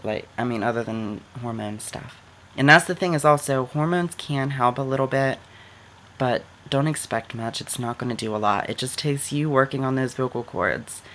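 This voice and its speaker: A woman's voice: very deep voice, normal speed, a bit bright, slight background noise. Chatty woman giving casual advice. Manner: chatty, many "like" fillers. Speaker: vlogger.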